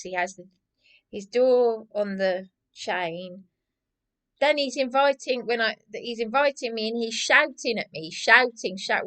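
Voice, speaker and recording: Slow-talking agitated woman. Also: a little high, fairly bright tone. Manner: agitated, repetitive, restarts often. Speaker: vlogger. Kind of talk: rambling personal monologue.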